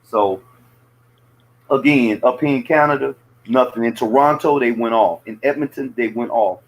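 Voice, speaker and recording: A man with a Southern US accent talks in a casual podcast chat. His voice sits at an ordinary middle pitch. He rambles freely and swears a lot. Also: moderate pace, rough recording. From American South. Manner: profane, loose storytelling.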